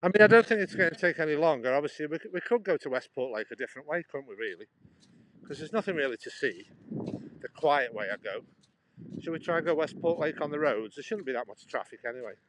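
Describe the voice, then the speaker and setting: A man's voice: fairly high pitch, lively intonation, fast, noisy background. A man, livestreaming as he walks outdoors beside a busy road. He rambles on in a chatty way and talks straight to a viewer. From England. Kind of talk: live walking vlog.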